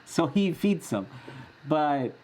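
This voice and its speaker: A man's voice: a little high, sing-song, slow, a little mellow, slight background noise. A man in his forties hosting a casual live-stream Q&A, chatty and rambling, often laughing as he answers. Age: 40s.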